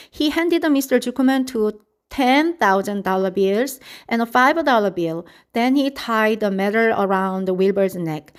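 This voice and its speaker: Woman reading a children's storybook. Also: fairly high pitch.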